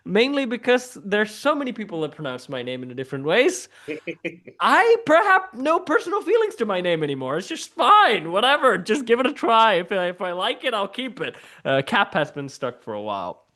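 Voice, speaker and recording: A man from Sri Lanka doing a playful, animated stand-up set over a video call. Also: sits high, normal speed. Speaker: stand-up comedian.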